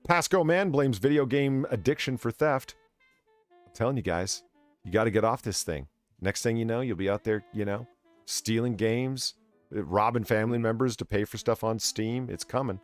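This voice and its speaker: A man's voice: mid-range voice, normal speed, soft background music. An American man hosting a casual podcast, reading news items aloud, swearing and laughing. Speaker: podcast host. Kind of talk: casual chat.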